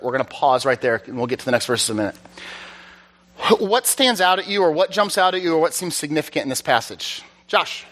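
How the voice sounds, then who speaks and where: A man preaching in a relaxed, chatty way, with a fairly high voice for a man. His tone is bright and forward, and he jokes at his own expense while checking in with his listeners. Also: brisk. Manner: chatty, self-deprecating, keeps checking in with "all right?". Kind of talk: conversational teaching sermon. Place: church service.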